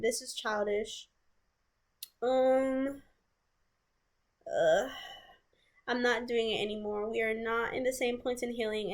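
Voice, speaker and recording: A woman's voice: on the high side, vocal fry. A woman telling a personal story in a vlog, blunt, profane and candid. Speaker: vlogger.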